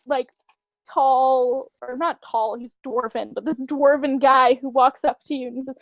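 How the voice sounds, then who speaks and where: A woman game master narrates a tabletop session in a high, dry voice recorded close to the mic. She talks casually, hesitating and filling her pauses as she describes the scene. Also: steady tone, no room sound, muffled recording.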